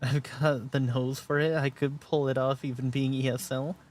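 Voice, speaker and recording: A woman's voice: rumbling low, level tone, moderate pace, darkish tone. A woman streamer chatting casually while reacting to a clip, laughing often, swearing, and reading chat aloud.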